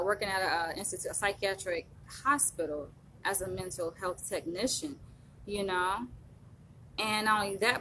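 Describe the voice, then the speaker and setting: A woman in her thirties from the United States, talking to camera in a rambling, animated vlog monologue with frequent laughs. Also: medium pitch, a little hiss or hum, rough recording. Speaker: vlogger.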